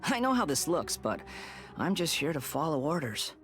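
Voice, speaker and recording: A smug young game villain. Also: male voice, fairly high pitch, sing-song, normal speed, fairly bright tone. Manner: sneering, condescending. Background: game music.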